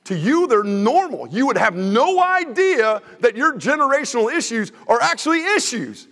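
A man preaching a humorous sermon as a guest preacher in a church sanctuary, teasing the room in an energetic, joking way. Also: very high-pitched, moderate pace, in a large hall.

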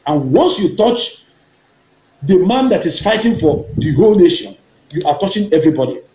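Fervent Nigerian man with lively pitch. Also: moderate pace, reverberant, rough recording. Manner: emphatic, repetitive, rising to fervent outbursts. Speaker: online activist broadcaster. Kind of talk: impassioned political talk.

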